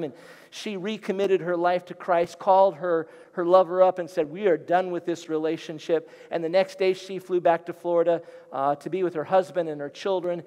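Middle-aged guy pastor preaching, tells stories, lively, higher voice, echo hanging in a big church. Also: clear, resonant tone. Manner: animated, vivid storyteller. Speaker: guest pastor. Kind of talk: storytelling sermon. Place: church sanctuary. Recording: long hall reverb.

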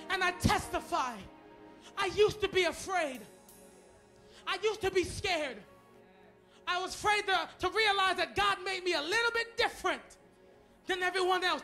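Very high-voiced man preaching loudly. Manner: shouting, repeated declarations. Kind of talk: impassioned sermon. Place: church.

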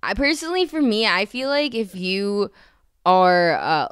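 A woman's voice: medium pitch, big pitch swings, fairly bright tone, clean tone, no room sound, clean studio sound. A young woman from the Chicago suburbs with a Chicago accent, laughing easily in a casual podcast chat. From Chicago suburbs, Illinois. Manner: giggly, quick to laugh. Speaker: podcast co-host.

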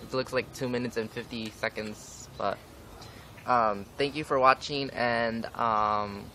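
A man's voice: mid-range voice, fairly even intonation, measured pace, sharp tone. A young man ranting casually to camera for a vlog, swearing often and filling with "like". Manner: frequent swearing, ranting, many fillers. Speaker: vlogger. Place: outdoors, windy. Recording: wind and traffic noise outdoors.

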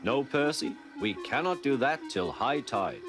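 A man's voice: medium pitch, big pitch swings, a little slow, over music, pitched above the performer's own voice. A man voicing a stern, portly railway boss in a storybook, scolding firmly.

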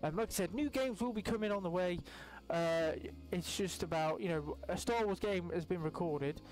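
A young man giving casual, excitable gameplay commentary as a channel host, swearing often and breaking into high yelps. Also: moderate pace, soft background music.

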